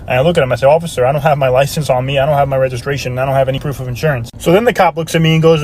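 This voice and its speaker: A man telling comic stories in the first person, quick and animated, acting out the quoted lines. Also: medium pitch, slight background noise. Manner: quick, animated joke delivery with voiced quotes. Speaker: storyteller. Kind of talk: comedic anecdote storytelling.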